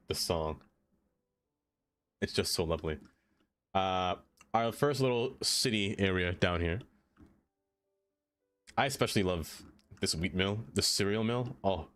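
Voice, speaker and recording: A man's voice: deep voice, measured pace, long pauses, faint music behind. Chatty man streaming a game. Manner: chatty, laughs often, greets chat by name; playful, easily excited. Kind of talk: casual live-stream chat.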